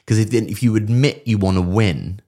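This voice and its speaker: Brief: male comedy podcast co-host, very low voice, dry deadpan delivery. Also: moderate pace. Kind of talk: casual comedic chat.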